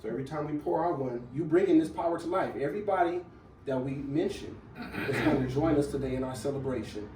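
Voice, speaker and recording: A man leading a group ceremony, calling out names in a steady chant. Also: on the high side, fast talker, noisy background. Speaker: ceremony leader. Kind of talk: leading a group libation ritual. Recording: echoey room, voice from far off.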